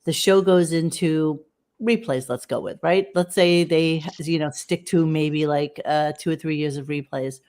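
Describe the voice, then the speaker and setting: A woman's voice: sits low, steady tone, measured pace, darkish tone. A woman co-hosting a podcast in blunt, casual chat. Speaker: podcast co-host.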